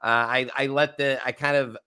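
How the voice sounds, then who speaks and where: American male podcast host, middle pitch, crisp bright tone, reflective and warm-humored chat. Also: flat delivery, moderate pace. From United States. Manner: earnest, reflective, laughs easily. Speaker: wine channel host. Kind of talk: casual podcast conversation.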